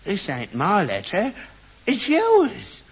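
A wiry, selfish old father, blunt and forever feeling sorry for himself. The voice is high, gravelly and sharp, and the whole thing has the dull, lo-fi sound of an old television recording. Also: huge pitch swings, slow pace, heavily acted. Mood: gloomy. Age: older. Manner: grumbling and self-pitying, blunt. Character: cantankerous selfish elderly father, wiry and crafty. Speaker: elderly father in a sitcom.

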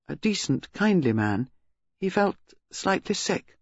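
A man reads a detective story aloud in a calm, measured way. His voice sits a little high for a man. The recording is dry and slightly dull. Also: breathy edge, dry recording. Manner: measured, gives characters distinct voices. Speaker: audiobook narrator. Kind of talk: scripted narration.

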